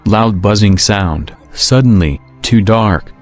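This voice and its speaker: Storybook narrator, man, low and measured, faint music bed.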